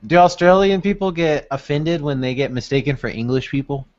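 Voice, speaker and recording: A man's voice: on the high side, fairly quick, darkish tone. A man in a casual video hangout, laid-back and swearing casually. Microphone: video call. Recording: lo-fi video call audio.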